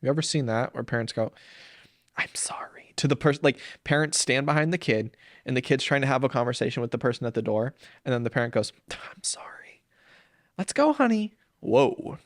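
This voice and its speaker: Young male podcast host, crude and rambling, average pitch, dry close sound. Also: fairly even intonation, fast, no room sound. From Saint Paul, Minnesota. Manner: rambling, crude, jokey, slips into silly voices for bits. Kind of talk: comedic solo podcast rant.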